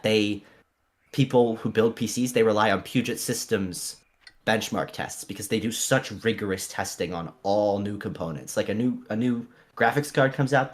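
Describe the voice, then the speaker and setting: A man's voice: fairly low pitch, normal speed. A young man chatting casually with a friend, enthusiastically explaining things in detail and laughing easily. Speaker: guest friend. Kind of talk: casual chat.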